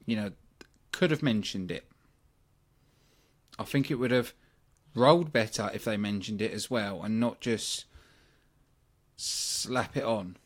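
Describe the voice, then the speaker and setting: With a fairly low pitch and measured pace, a British man runs a wrestling review podcast. His talk is casual and opinionated, full of blunt takes, ums, and asides.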